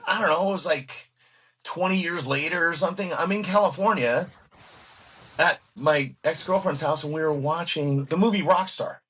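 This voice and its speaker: A man who is a guest musician telling stories in an interview, excitable and animated, acting out what other people said. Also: a little high, moderate pace, breathy edge. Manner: excitable, acts out quoted voices, frequent restarts.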